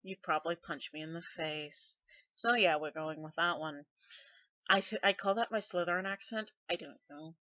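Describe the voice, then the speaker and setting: A woman's voice: low-pitched, moderate pace, pushed and bright, dry recording. A Scottish woman talks into her webcam in a loose, rambling way, full of sarcastic, self-deprecating asides. Her voice often gets taken for a man's. The sound is dull and dry, like a cheap home webcam mic. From Scotland. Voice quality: voice others mistake for a man's. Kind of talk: casual webcam vlog, rambling.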